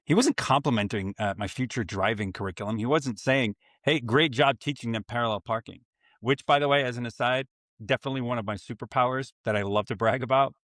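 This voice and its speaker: A man's voice: medium pitch, a little fast, fairly bright tone, no echo, clean studio sound. A man in his forties hosting a solo parenting podcast, earnest and reflective, with self-mocking asides. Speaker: podcast host for fathers.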